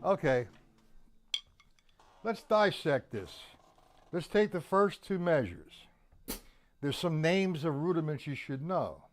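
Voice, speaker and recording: Older man teaching drums, slow and patient. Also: on the high side, very animated. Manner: slow, patient counting aloud. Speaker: drum teacher. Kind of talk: live online drum lesson.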